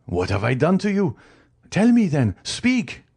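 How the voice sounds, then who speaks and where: A man voicing a frantic, grief-stricken older magistrate who cries out in high, strained bursts. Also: animated, measured pace, a little mellow.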